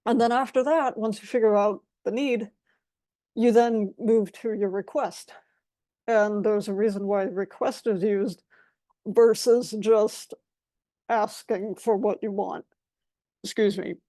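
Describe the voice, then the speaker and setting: A woman's voice: mid-range voice, mellow, dry recording. A woman giving an explanatory talk as a guest speaker, defining terms one by one in a methodical way.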